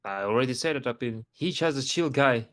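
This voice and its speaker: A man with a lively, bouncing pitch trades jokes in a casual chat. He teases the others and mock-quotes lines for laughs. His tone stays loose and irreverent. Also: brisk. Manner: joking, teasing, mock-quoting others. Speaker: podcast guest.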